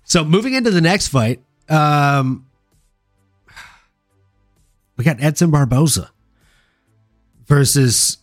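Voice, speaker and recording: A man's voice: on the high side, animated, unhurried, dry recording, clean studio sound, soft background music. A man hosting a casual sports podcast, rambling and joking with plenty of ums and restarts. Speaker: podcast host.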